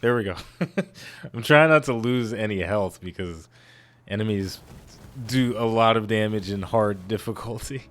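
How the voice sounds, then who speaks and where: A man hosting a let's play, giving casual, excitable gameplay commentary that rambles with frequent restarts. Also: lowish voice, a little slow.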